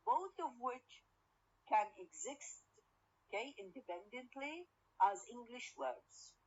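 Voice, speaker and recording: A woman lecturer teaching English word stress. She mixes Arabic and English, asks rhetorical questions, and says each example word slowly several times. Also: fairly high pitch, fairly bright tone, slightly rough, muffled recording. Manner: switches between Arabic and English, repeats example words slowly; many fillers and rhetorical questions.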